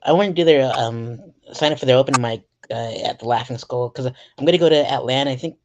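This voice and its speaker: A woman hosting a casual comedy interview, eager and quick to chime in with agreement. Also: a bass voice, slight background noise. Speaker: podcast host. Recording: slightly dull lo-fi audio.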